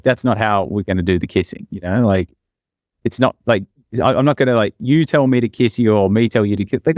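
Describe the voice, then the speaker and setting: A man's voice: a little mellow, no room sound, clean studio sound. A young man casually telling a long personal story on a podcast, rambling and acting out the people he quotes. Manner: rambling, acts out quoted lines with big pitch jumps. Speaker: podcast co-host.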